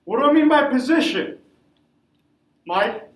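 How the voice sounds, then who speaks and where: A man with a very high voice teaches a class, tossing questions to the room and answering them himself. He sounds far from the microphone, and the classroom's echo hangs around his words. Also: expressive, measured pace. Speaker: Spanish teacher. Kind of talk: classroom lesson.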